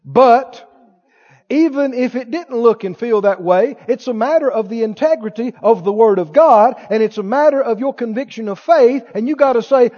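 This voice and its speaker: A man's voice: very high-pitched, normal speed, a little mellow. A man preaching a sermon with emphasis, asking the crowd for replies. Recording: dull lo-fi sound in a reverberant hall.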